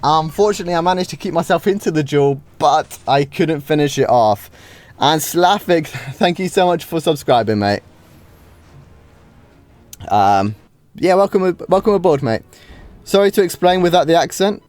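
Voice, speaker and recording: On the high side, expressive, and slightly mellow, the voice moves at normal speed. The speaker, a gaming streamer from the UK, comments casually on his own live duels, reacting often with wows and repeatedly restarting sentences, faint game music in the background.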